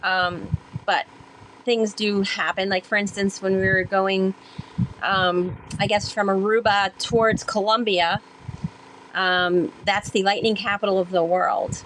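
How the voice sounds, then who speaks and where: A woman talks as a podcast guest, telling stories in an animated, rambling way with plenty of "um"s and "like"s. Her voice sits at a middle pitch. Faint noise runs quietly behind her. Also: a little slow, low-quality recording. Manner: animated, rambling storytelling with many fillers. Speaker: guest, sailor and author. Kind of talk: conversational storytelling interview.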